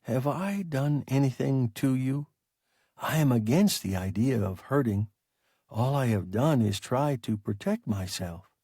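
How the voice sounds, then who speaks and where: A man voicing a calm, philosophical, large and sluggish alien creature that speaks in a measured, formal way in an audiobook. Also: medium pitch, slightly rough, no echo, clean studio sound. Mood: calm reasoning.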